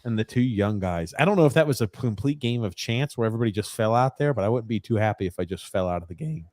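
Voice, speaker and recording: A man's voice: fairly low pitch, expressive, fast talker, darkish tone, no echo, studio quality. Chatty young man reading comments. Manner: laughs often, reads comments aloud in a chatty way. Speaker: podcast host. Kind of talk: casual podcast chat reading viewer comments.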